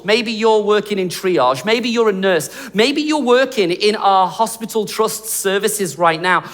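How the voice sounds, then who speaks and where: High-voiced pastor in echoing hall. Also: male voice. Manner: animated, conversational, jokey preaching. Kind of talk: sermon.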